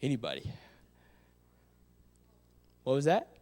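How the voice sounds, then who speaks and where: A young man giving an energetic motivational talk on a conference stage, emphatic and questioning the audience. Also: mid-range voice, slow. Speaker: conference speaker. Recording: long hall reverb.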